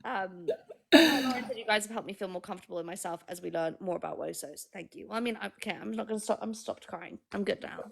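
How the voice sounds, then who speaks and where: A woman's voice: mid-range voice, quick pace, gravelly, slight background noise. A young woman co-hosting a live podcast stream, chatting casually and teasing her co-host. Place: indoors at a shared table.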